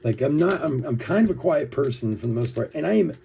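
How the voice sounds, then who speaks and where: Here the card-break host's voice is fairly high, mellow, and creaky, with lively intonation and a fairly quick pace over slight background noise. This middle-aged man tells chatty stories as he opens cards, laughing often and calling out names in between tangents.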